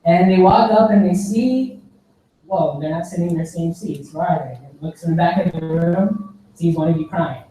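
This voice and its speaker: A man's voice: on the high side, normal speed, mellow, slight background noise. A young man giving a Friday sermon in a conversational storytelling way, often checking in with his listeners, in a mosque hall recorded from a distant mic. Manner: conversational, storytelling, frequent "right?". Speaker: khutba speaker.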